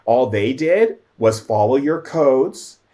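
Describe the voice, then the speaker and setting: A man's voice: medium pitch, lively intonation, takes it slowly, warm tone. A man speaking as a shaman guest, giving an emphatic spiritual teaching with much repetition, the odd filler and voices acted out for the people and spirits he quotes.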